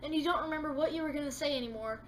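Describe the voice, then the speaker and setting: A woman vlogger in a casual comedic monologue, talking in an animated way and acting out little scenes with exasperated rants. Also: high voice, very fast, slight background noise, low-quality recording.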